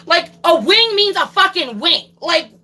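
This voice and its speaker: A woman's voice: very high voice, big pitch swings, unhurried, sharp tone, low-quality recording. A young woman ranting casually on a livestream, swearing a lot and repeating herself for emphasis.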